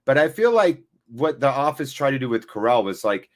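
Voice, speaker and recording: A man's voice: mid-range voice, very animated, brisk. A man hosting a live football watchalong, chatting casually and jokingly with viewers, swearing freely and breaking off to react to the match. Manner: jokey and off-the-cuff, swears freely; reacts to the match between chat replies. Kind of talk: casual live-stream chat, reading viewer comments.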